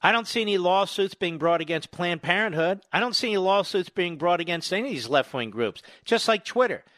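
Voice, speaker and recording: A man's voice: high voice, animated, a little fast, fairly bright tone, dry recording. Indignant talk-radio man, dry studio sound. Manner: indignant, sarcastic, emphatic. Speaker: radio talk show host. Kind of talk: opinionated talk radio monologue.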